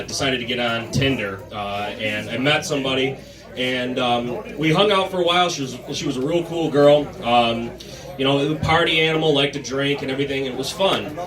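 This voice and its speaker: Young male comedian telling a story in an echoey club. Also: medium pitch. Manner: conversational, deadpan storytelling with filler pauses. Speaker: stand-up comedian. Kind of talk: stand-up storytelling. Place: comedy club stage before a live crowd. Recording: echoey room, mic from a distance, crowd audible.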